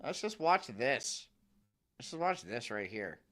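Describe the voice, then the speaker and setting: A man hosting a live stream in a mid-pitched voice that leaps up and drops low as he reacts to chat. He mocks and laughs often. His rants grow loud, and his asides sink to mutters. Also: very animated, measured pace, gravelly. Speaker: streamer host.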